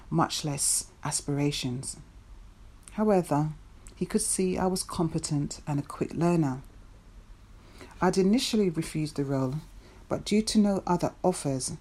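A woman reading her own first-person memoir in a reflective, measured storytelling manner. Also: deep voice, dark tone.

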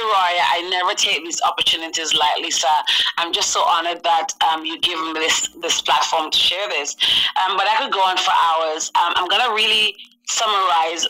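A woman's voice: lowish voice, sharp tone, low-quality recording. A Jamaican woman with British traces in her accent, an author and producer, talking earnestly in a radio interview with many ums.

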